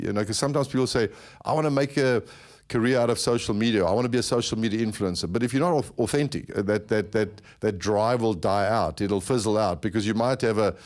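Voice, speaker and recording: A South African man hosts a podcast interview at a brisk clip. His voice sits a bit low, and he talks in long, looping questions, often repeating words as he searches for the next thought. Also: darkish tone. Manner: rambling, repeats words while thinking. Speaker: podcast host. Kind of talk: conversational interview.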